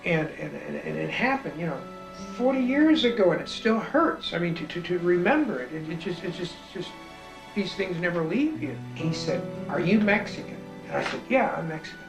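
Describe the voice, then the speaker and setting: A man's voice: sits high, big pitch swings, brisk, creaky. Reflective middle-aged man over guitar music. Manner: thoughtful, repeats words as he searches. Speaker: author. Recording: roomy sound with guitar music underneath.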